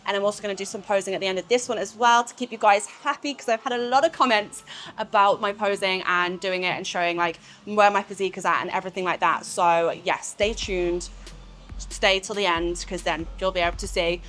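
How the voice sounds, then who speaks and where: A woman's voice: mid-range voice, steady tone, fairly quick, fairly bright tone, faint music behind. A young woman with an English accent talking casually to camera in a gym, rambling and swearing freely. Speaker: fitness vlogger. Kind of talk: casual vlog chat to camera.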